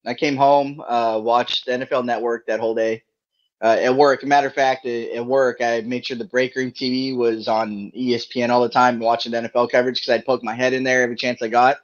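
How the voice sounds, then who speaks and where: A man's voice: mid-range voice, flat delivery, a little fast. A man chatting casually on a fan podcast, telling stories in an easygoing way. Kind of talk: casual chat. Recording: dull lo-fi audio.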